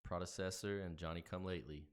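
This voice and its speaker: A man with a low, smooth, clear voice, talking in a relaxed podcast chat. He gets excitable and loud when he cheers. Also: fast talker. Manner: excitable, cheers loudly at races. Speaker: podcast co-host. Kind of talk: casual chat.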